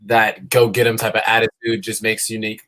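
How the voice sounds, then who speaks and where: Male event host, lowish voice, friendly, rambling, stumbles through his sentences. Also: level tone, fairly quick, pushed and bright. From New York. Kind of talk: hosting a livestream event.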